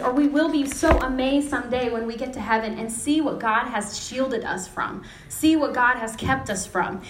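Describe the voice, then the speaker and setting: Woman preacher, high voice, echoey hall sound, storytelling sermon delivery. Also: a little hiss or hum. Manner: storytelling with lively retold dialogue. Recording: echoey room.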